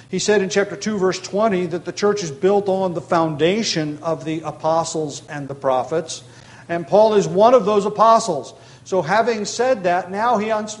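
A pastor delivering an expository Bible sermon, measured and explanatory, with emphatic rises and frequent "um" and "uh". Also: male voice, high-pitched, low-quality recording.

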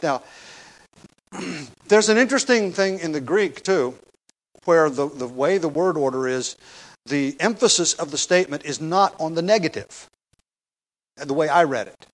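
A man preaching a verse-by-verse sermon, emphatic and slowing down on key words, often asking the congregation rhetorical questions. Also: a little high, expressive, low-quality recording. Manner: emphatic, slows down for stress. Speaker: pastor. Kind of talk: expository sermon.

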